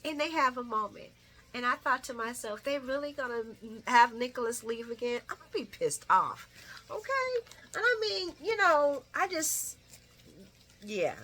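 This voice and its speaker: A woman's voice: high-pitched, lively intonation, normal speed, bright, forceful tone. A woman giving a casual late-night soap opera recap, blunt and opinionated, cursing freely and laughing often. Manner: laughs often while talking.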